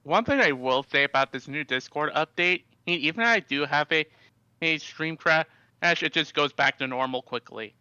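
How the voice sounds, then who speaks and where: A man's voice: a little high, moderate pace, sharp tone, smooth, no echo. A man co-hosting a livestream chat in an easygoing, joking way. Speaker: co-host. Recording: dull lo-fi mic.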